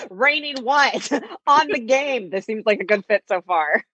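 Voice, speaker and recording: A woman's voice: sits high, sing-song, slow pace, fairly bright tone, husky. A young woman co-hosting a podcast, breaking in with teasing jokes. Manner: teasing, joking interjections. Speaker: podcast co-host. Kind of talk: casual chat.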